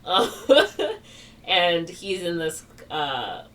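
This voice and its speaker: This podcast co-host speaks extremely slowly in a lowish, sing-song voice with a fairly bright tone. She casually wanders through a plot summary, filling it with "like" and "or whatever", recorded from a distance with faint noise behind her.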